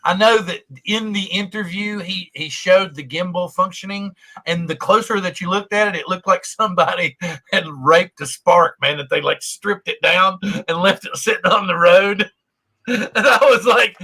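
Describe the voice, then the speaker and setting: A man hosts a loose panel chat over a video call, rambling from one thought to the next and laughing often. His voice sits high and sounds bright. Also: moderate pace. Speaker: host.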